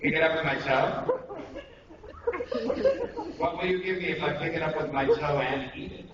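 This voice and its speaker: A man's voice: fairly high pitch, moderate pace. A male voice actor leading an acting workshop at a convention, in a joking, self-deprecating, rambling way. He is heard in an echoey, dull, noisy convention room from far off. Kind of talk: casual convention workshop talk.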